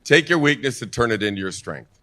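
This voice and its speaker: A man's voice: mid-range voice, expressive, a little fast, sharp tone. A man panelist giving blunt, punchy advice.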